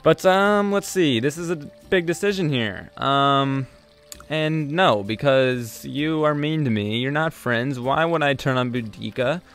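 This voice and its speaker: A man gives casual commentary while he plays a strategy game. He rambles and hesitates, filling pauses with ums and correcting himself, at an ordinary pitch. Faint game music runs underneath. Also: fairly bright tone. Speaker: let's play host.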